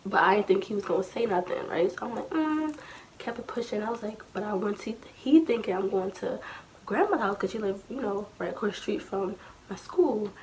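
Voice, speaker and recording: A young adult woman telling a childhood story in a casual vlog, animated and slangy, acting out what her family said. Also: medium pitch, brisk, a little hiss or hum. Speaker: storytime vlogger.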